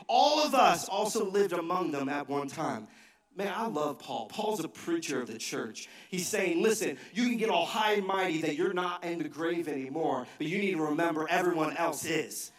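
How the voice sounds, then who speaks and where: A man preaches a sermon in a high, carrying voice. He swings from shouted emphasis to hushed, low asides. The sound is roomy and echoey, caught from some way off the mic. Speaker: pastor. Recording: echoey hall, mic from a distance.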